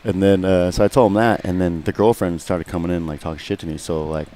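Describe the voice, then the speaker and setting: Deep fast-talking man telling a story. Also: steady tone, dark tone. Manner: profane, rambling, acts out quotes. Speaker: guest fighter. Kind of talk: casual storytelling.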